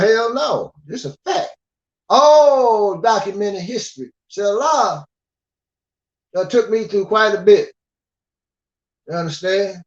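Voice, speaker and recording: An older man from the United States gives a blunt, scolding monologue and keeps asking "you understand?". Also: sits high. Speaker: guest speaker. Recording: dull lo-fi audio.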